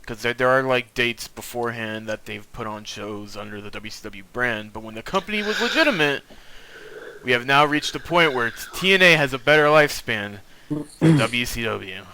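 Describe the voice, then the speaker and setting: Young man, podcast host, casual wrestling chat, bright tone, smooth clear voice, rambling. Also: mid-range voice, expressive, moderate pace, poor audio. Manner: rambling, laughing, with fillers and restarts.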